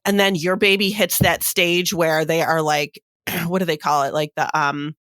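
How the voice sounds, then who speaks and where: With a deep voice at normal speed, this podcast co-host tells stories in a casual, animated chat studded with fillers. Her recording is clean studio sound with no room noise.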